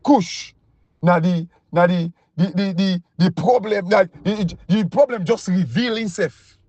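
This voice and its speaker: A Sierra Leonean man speaking in Krio-accented English, giving a mocking, emphatic political rant that keeps jumping high when he is incredulous. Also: measured pace, a little mellow, dry recording, lo-fi sound. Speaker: political commentator.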